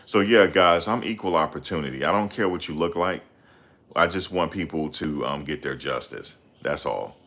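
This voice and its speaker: A man hosting a casual livestream, reading viewer comments and ranting heatedly with loud outbursts and repeated phrases. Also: deep voice, normal speed. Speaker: livestream host.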